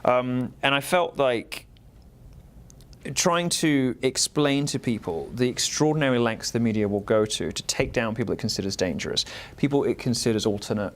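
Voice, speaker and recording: A man interviewing in a studio, speaking in an articulate, measured and lightly wry way. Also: medium pitch. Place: broadcast studio.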